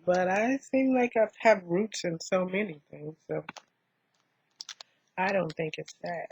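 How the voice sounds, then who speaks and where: A woman vlogger talking softly and reflectively in a rambling way while doing her makeup, in a dull lo-fi recording. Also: lowish voice, expressive, unhurried, slight background noise. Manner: soft-spoken, rambling, musing.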